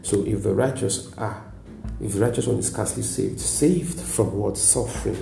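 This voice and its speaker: Nigerian pastor preaching, gravelly dark voice. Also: male voice, on the low side, normal speed, reverberant, faint music behind. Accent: Nigerian English. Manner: emphatic preaching with repetition and frequent "praise God". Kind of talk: sermon.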